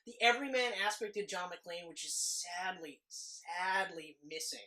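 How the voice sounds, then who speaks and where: A man's voice: high-pitched, moderate pace, pushed and bright. A man in his thirties, co-hosting a casual movie podcast, who rambles, swears freely and fills his talk with "like.". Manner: rambling, profane, lots of "like". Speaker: podcast co-host.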